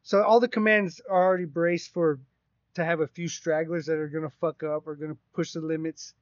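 A man's voice: fairly high pitch, fairly quick, no room sound. A man casually telling a rambling, profane story on a podcast. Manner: profane, rambling, animated retelling. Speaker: podcast co-host. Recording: dry, slightly dull sound.

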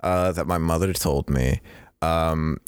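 A man's voice: extremely low pitch, steady tone, takes it slowly, clean tone, dry recording, clean studio sound. A young man co-hosting a casual podcast chat, talkative and laughing often. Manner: chatty, laughs often, many fillers. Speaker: podcast co-host.

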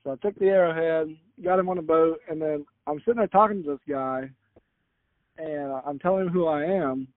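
A man's voice: fairly high pitch, brisk, dry recording. A man from rural Florida telling a long casual story, rambling and correcting himself with frequent "uh". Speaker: guest storyteller. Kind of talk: casual anecdote. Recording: tinny phone-like line, dry.

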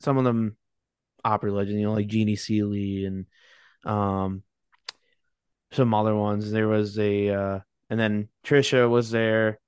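A man's voice: on the low side, little pitch movement, a little slow, darkish tone, clear, resonant tone, no room sound, clean studio sound. A man hosting a podcast, chatting casually and giving short agreeing replies. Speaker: podcast host. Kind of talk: casual chat.

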